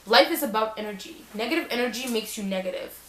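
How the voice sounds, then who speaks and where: A woman's voice: on the high side, animated, quick pace, echoey room, low-quality recording. A young woman giving casual back-to-school advice in a sassy, chatty way, full of slang and acted-out quotes.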